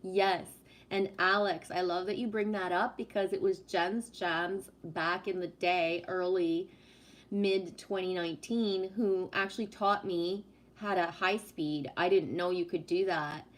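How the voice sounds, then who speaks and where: Woman warmly chatting with her stream viewers. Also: lowish voice, steady tone, unhurried. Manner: affectionate, calls viewers sweetie; projects her voice strongly. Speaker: livestream host reading chat. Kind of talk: casual live-stream chat with viewers.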